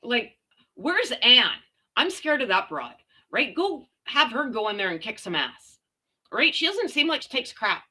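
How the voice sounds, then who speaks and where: Blunt, lively-voiced sarcastic woman vlogger. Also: fairly high pitch, unhurried, slightly rough. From Canada. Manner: blunt, sarcastic, slangy, mild swearing. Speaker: commentary vlogger. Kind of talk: casual ranting commentary.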